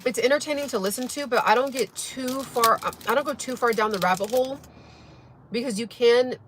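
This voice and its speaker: She's a young vlogger whose slightly high voice moves a little fast, with a little hiss or hum on the audio. Eating breakfast, she rambles chattily to the camera for her viewers.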